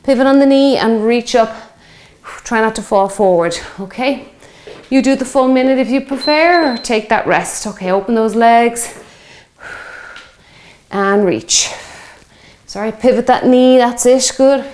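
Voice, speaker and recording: A fifty-something woman instructs a workout, unhurried and encouraging, chatting and counting reps aloud as she pants from doing the moves herself. She is a fitness instructor, and her voice is fairly high in pitch with a darkish tone.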